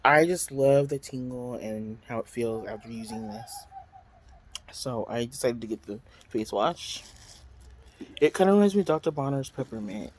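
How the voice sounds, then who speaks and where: A man at home talking to his viewers in a chatty storytime manner, tossing in dramatic exclamations and plenty of fillers. His pitch sits in an ordinary middle range. A faint background hiss runs under the recording. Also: a little mellow. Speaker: vlogger. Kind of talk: casual storytime and product unboxing.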